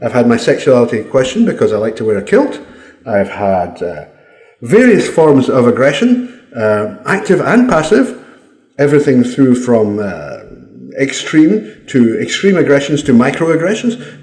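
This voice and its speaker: A man's voice: medium pitch, sing-song, unhurried, darkish tone. A Scottish man giving a blunt, combative opinion monologue, swearing freely. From Scotland. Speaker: commentator. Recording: roomy echo.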